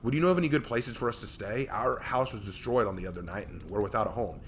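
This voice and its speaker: A man's voice: fairly low pitch, fast, slight background noise, close to an everyday voice. A man voicing an earnest young human man who speaks plainly and gets stiff when insulted.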